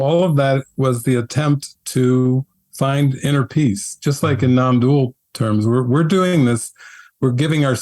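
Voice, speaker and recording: A man and spiritual teacher telling his story in an interview, earnest and animated, often laughing. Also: medium pitch.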